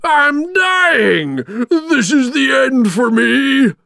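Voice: very animated, very slow, gravelly, pushed and bright, no room sound, studio quality, full character voice. Oogie Boogie, a narrator wailing as a dying monster. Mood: panicked wail. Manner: high strained wailing cries. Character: dying male bogeyman monster, wailing and panicked.

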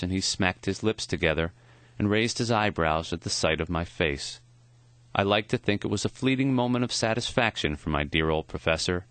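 Man narrating a memoir, lowish voice, dry close sound, calm and measured. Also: dry recording. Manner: quiet, measured, reflective.

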